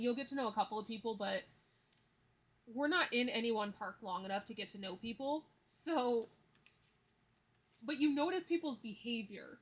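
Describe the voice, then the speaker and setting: This budgeting vlogger, a woman in her thirties, counts cash aloud on camera while telling stories in a chatty, casual way and laughing easily. Her voice is a little high and a bit bright.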